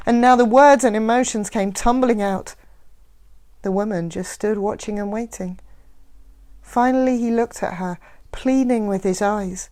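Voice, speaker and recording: A woman reading a novel aloud in a steady, measured narration. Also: medium pitch. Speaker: reader.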